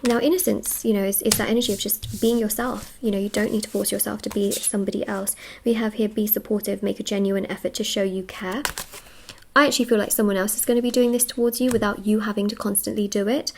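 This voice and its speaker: A woman giving a casual tarot reading to her viewers, talking fast, slightly out of breath, gushing and reassuring with many fillers. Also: medium pitch, little pitch movement, a little mellow, slight background noise. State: short of breath. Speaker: tarot reader. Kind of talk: casual spiritual reading to camera.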